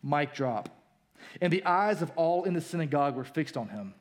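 Male pastor preaching, pretty high voice, casual and fired up, climbs up when he hits a point. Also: moderate pace. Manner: energetic, colloquial, builds up in pitch for emphasis. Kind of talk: sermon.

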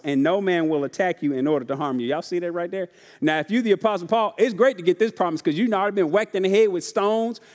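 Male pastor, high-pitched voice, folksy call-and-response preaching, long church-hall reverb. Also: darkish tone. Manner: call-and-response preaching, often asks the congregation if they are ready; casual, folksy delivery with repeated phrases. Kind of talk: sermon. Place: church sanctuary.

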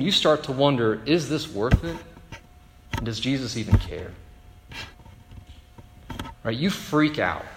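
A male pastor preaching a sermon in a relaxed, conversational way, often checking in with the congregation by asking "right?". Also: mid-range voice, slight background noise. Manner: conversational, frequent "right?" tag questions. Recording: echoey hall with long reverb.

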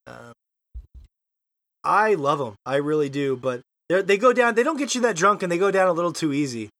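A man's voice: a little high, lively intonation, a little fast, fairly bright tone, no room sound. A man hosting a podcast in casual chat, joking and teasing his co-hosts. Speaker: podcast host.

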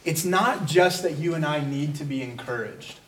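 A pastor preaching a conversational sermon, breaking into quick acted asides. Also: male voice, fairly high pitch, distant mic.

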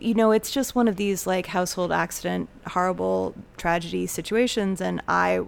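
A woman's voice: on the low side, normal speed, vocal fry. A woman co-hosting a film podcast, chatting casually with a dry, teasing manner and recounting scenes. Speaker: podcast co-host. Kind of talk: casual chat.

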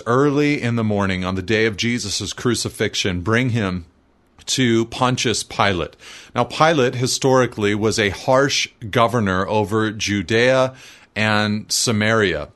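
A man preaching an expository sermon, reading scripture aloud and explaining it in a measured, teaching manner. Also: mid-range voice, a bit bright.

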